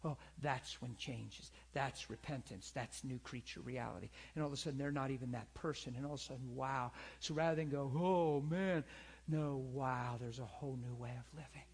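A man's voice: mid-range voice, steady tone, a little fast, hardly any pauses, slightly rough. A man preaching a sermon in a conversational, earnest way, often calling for agreement. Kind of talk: sermon with personal story.

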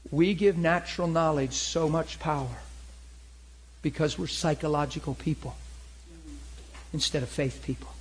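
A man preaching in an animated storytelling style, checking in with his listeners with frequent asides. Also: fairly high pitch, slightly rough, rough recording. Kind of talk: sermon-style teaching.

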